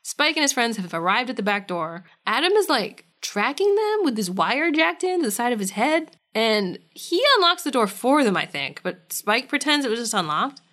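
A woman co-hosting a podcast, recapping episodes in a wry, animated, casual way with some swearing. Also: on the high side, normal speed, hardly any pauses. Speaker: podcast co-host.

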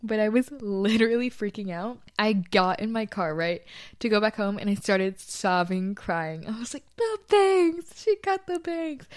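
A woman's voice: medium pitch, clear, resonant tone. A young woman hosting a casual solo podcast from a small bedroom, chatty and confessional, with lots of "like" fillers. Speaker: podcast host.

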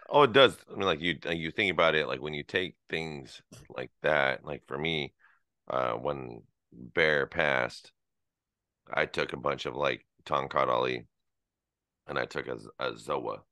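A man's voice: very deep voice, a little slow, bright, forceful tone, dry recording, studio quality. A man chatting casually as a podcast co-host, rambling through a story with many fillers.

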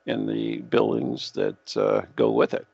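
Gravelly, husky man with a lively voice. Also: on the low side, unhurried, no echo. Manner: chatty, lively and affirming. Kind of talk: casual radio chat. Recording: dry, dull lo-fi recording.

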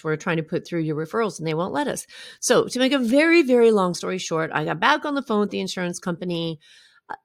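A woman's voice: fairly low pitch, dry recording. Podcast host, woman, middle-aged, conversational and candid, dry close sound. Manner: candid, conversational, often asks "right?". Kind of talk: personal storytelling monologue.

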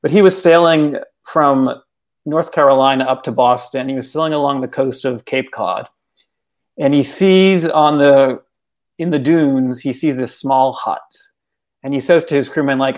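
A man, an author and guest, telling a folk tale in casual conversation, animated and full of "like.". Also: on the high side, normal speed. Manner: animated, casual, many fillers like "like". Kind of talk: storytelling in conversation.

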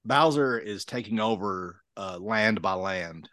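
A middle-aged man with a Southern Kentucky accent chats casually as a podcast co-host over a video call. His voice sits low and sounds close and dry, with no room around it. He tells stories in an animated way, jumping into the voices of the people he quotes. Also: slow pace, no room sound. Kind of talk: casual chat.

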